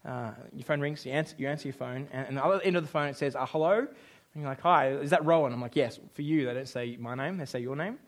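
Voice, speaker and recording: A young male pastor from Australia gives a sermon at a fast clip in a medium-pitched voice, cracking jokes with animated energy and voicing the people he quotes.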